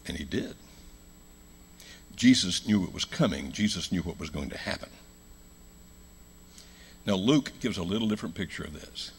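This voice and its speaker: An American man preaching a sermon in a church, telling a story with loud emphatic lines and hushed low ones. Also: animated, moderate pace, gravelly, long pauses, a little hiss or hum. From United States.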